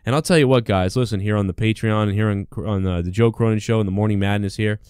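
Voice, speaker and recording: A man's voice: on the low side, fairly even intonation, fast, a little mellow, clear, resonant tone, dry recording, clean studio sound. Profane, rambling male show host. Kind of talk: profane comedic monologue.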